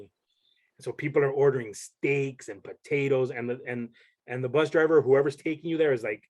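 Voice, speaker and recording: A man's voice: medium pitch, steady tone, normal speed. A young man, a podcast guest, telling a story in casual chat and rambling with many restarts.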